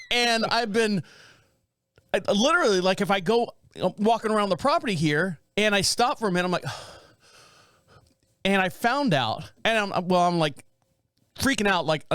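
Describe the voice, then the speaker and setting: A man in his fifties, co-hosting a casual home-studio chat and telling rambling, animated stories with frequent laughs. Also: high voice, normal speed, smooth, no echo. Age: 50s. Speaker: podcast co-host.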